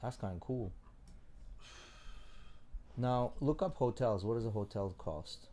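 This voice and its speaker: A man hosting a podcast, chatting loosely and thinking out loud, with some swearing. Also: mid-range voice, unhurried. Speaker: podcast host. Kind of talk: casual chat.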